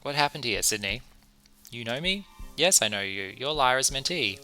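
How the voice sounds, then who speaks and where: A man reading the lines of a calm, faintly unsettling young woman student from a visual novel, in a soft, level way close to his own voice. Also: mid-range voice, moderate pace, faint music behind.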